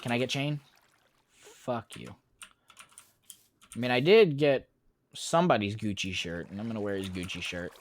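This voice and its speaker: This young American streamer talks back to his chat in a rambling, joking way, using a mid-range voice at a moderate pace with frequent pauses. The background is noisy, with loud typing and mouse clicks.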